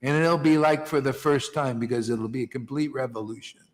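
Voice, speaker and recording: A man's voice: mid-range voice, fairly quick. Preaching man in a reverberant hall. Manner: emphatic, rhetorical questions, rising to near shouts. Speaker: spiritual teacher leading a devotional gathering. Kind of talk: informal preaching to a small group.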